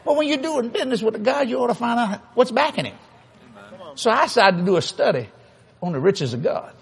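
A man preaching a sermon, telling a funny story with laughter and sudden shouts. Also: very high voice, brisk, gravelly, husky. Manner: animated, laughing, bursts into shouts.

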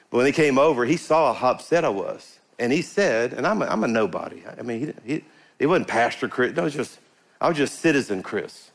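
A middle-aged man preaching a sermon to his congregation, emphatic and animated, calling out to the crowd and rising into bursts of fervor. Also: mid-range voice. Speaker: pastor. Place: church sanctuary before a congregation.

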